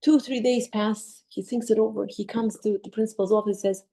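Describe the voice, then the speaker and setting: A woman's voice: mid-range voice, steady tone, moderate pace, mellow. A woman telling an inspirational story emphatically, often restarting and repeating words. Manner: emphatic, with frequent restarts and repetitions.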